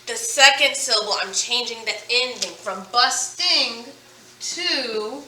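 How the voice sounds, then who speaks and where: A woman teacher leading a phonics lesson, stretching out words slowly and praising her students as she goes. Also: fairly high pitch, pushed and bright, roomy sound, recorded from a distance, slight background noise, rough recording. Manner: slow, drawn-out word modelling with praise.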